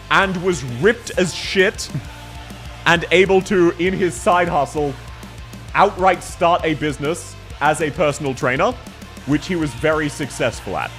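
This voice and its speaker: A man's voice: fairly high pitch, fairly bright tone. A man with an Australian accent, chatting casually with viewers on a live stream, rambling and laughing at himself. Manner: rambling, self-mocking, laughs often.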